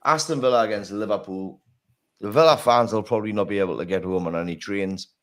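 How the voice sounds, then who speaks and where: A man's voice: on the low side, quick pace. A man hosting a casual football chat, laughing often and swearing freely as he reads out predictions. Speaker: podcast host.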